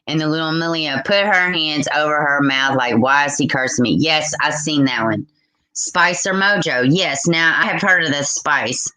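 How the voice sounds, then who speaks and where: A woman's voice: low voice, moderate pace, sharp tone, low-quality recording. Blunt woman in her forties hosting a stream. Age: 40s. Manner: blunt, outspoken, reads viewer comments aloud. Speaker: livestream host. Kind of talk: live call-in stream chat.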